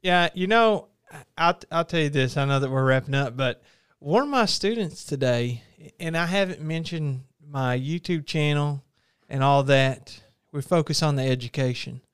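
A man with a Southern accent co-hosting a casual podcast, laid-back and drawling, quick to laugh. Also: fairly high pitch, clear, resonant tone, dry recording, studio quality. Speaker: podcast co-host.

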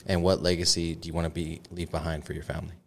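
A man's voice: low voice, little pitch movement, quick pace. A man hosting a podcast, chatty and jokey, interviewing a guest in casual conversation. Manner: jokey and chatty, laughs easily. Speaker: podcast host.

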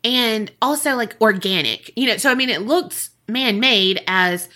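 A woman's voice: a little high, animated, unhurried, bright, forceful tone. A woman co-hosting a podcast, telling a story in casual, profane chat full of "like" and "you know", often giggling. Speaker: podcast co-host.

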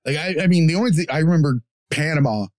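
A man's voice: a little high, a little mellow, dry recording. A man in casual podcast chat, talking bluntly with plenty of swearing. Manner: blunt, profane, quick asides.

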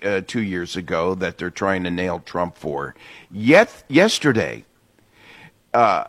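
A man speaks as a guest commentator on a morning radio show. His voice sits at an ordinary middle pitch. He delivers political opinions earnestly and emphatically, with rising indignation. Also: fairly bright tone.

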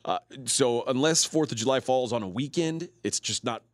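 A man from Texas, a co-host, talking in a cynical, deadpan way on a casual sports radio show. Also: medium pitch, normal speed, no echo, studio quality.

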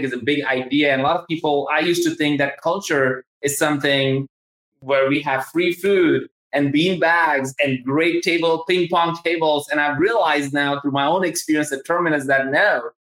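Male host, Southern accent, excitable and rambling, live-stream chat on a video call. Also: on the high side. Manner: enthusiastic, rambling, many restarts and fillers. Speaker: podcast host. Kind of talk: casual live-stream interview. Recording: roomy, echoey room sound.

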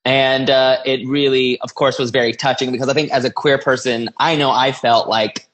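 A man co-hosting a podcast in casual chat, teasing and chatty with quick asides. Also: mid-range voice, little pitch movement, a bit bright. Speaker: podcast co-host.

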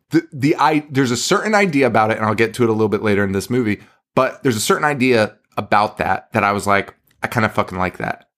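A podcast co-host chats casually in a mid-range voice at a fairly quick pace. He's animated and swears a lot while acting out quotes and scenes from a movie.

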